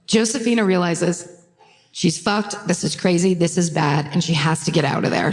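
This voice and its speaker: A woman co-hosting a live true crime podcast, telling the case casually with swearing and laughing asides. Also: lowish voice. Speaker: podcast co-host. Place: theater stage before a live audience. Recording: reverberant live theater sound.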